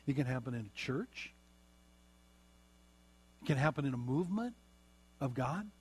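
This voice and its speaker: A middle-aged man preaching a sermon, slowing down and repeating phrases for emphasis. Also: on the high side, darkish tone. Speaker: pastor.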